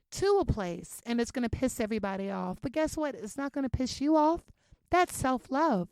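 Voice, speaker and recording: A young adult woman hosting a podcast, giving self-help advice in a casual, animated, profane way and drawing out her key points. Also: fairly high pitch, no room sound. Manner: animated, profane, talks straight to listeners. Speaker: podcast host.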